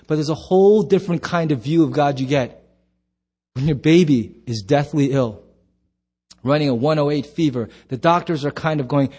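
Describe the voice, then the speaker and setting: Middle-aged guy pastor preaching, goes loud then drops way quiet, voice a bit high. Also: normal speed, breathy edge. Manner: emphatic, swings from loud to hushed. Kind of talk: sermon.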